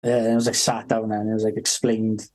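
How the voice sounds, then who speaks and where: A man's voice: on the low side, completely flat delivery, quick pace, a little mellow. Sweary man telling stories. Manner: swears constantly, laughs through stories, acts out voices. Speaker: podcast co-host. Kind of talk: casual storytelling chat.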